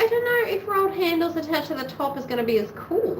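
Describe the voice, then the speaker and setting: A woman's voice: sits high, very animated, brisk, few pauses, a little hiss or hum, poor audio. An Australian woman hosting a sewing livestream, chatting casually and rambling as she thinks aloud at home.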